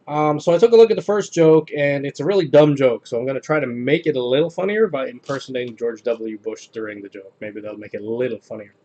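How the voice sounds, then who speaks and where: A man reads jokes off a page for a casual home video, his delivery flat and deadpan. His pitch sits in an ordinary middle register, and he talks at an easy, unhurried pace. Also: dull audio. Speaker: host reading jokes on video. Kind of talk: casual joke reading.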